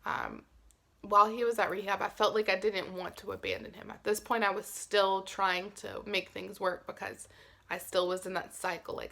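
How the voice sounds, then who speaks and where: Candid young woman, bright voice. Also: medium pitch, normal speed, gravelly. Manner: candid, emotional, swears freely, lots of "like". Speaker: vlogger. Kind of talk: personal storytime vlog.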